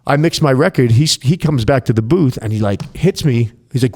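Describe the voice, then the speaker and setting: A man's voice: medium pitch, expressive, fairly quick, a little mellow. A man who works as a nightclub DJ, telling casual, profanity-laced anecdotes on a podcast and acting out the dialogue.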